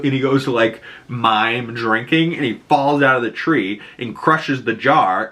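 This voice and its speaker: Boston guy, casual recap host, lively and profane, bright forceful tone. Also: medium pitch. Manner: animated retelling with profanity and acted-out quotes.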